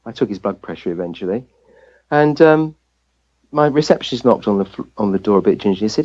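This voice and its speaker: An English man recounts a personal story as an interview guest. His pitch swings widely as he acts out the voices of people he quotes. The recording is dull and lo-fi. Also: fairly quick. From England. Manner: lively anecdote-telling, acting out quoted voices. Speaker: guest, family physician.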